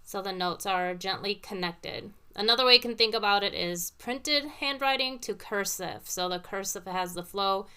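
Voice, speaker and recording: Woman, piano teacher, bright tone, patient explaining, piano in between. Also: mid-range voice, moderate pace, hardly any pauses, smooth. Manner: patient, explains with everyday comparisons. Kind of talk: casual teaching talk with demonstrations. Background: piano played between phrases.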